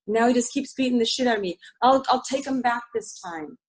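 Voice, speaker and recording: A woman's voice: fairly high pitch, a little fast, slightly rough, poor audio. A middle-aged woman speaking frankly and confessionally at a recovery group, swearing freely and restarting her sentences. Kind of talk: candid recovery group share.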